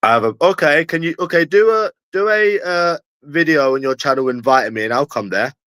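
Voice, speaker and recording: Young london guy mocking someone nonstop, kinda high voice, dry close sound. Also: animated, a little fast, a bit bright, dry recording. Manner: mocking, repetitive jeering. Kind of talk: taunting live rant.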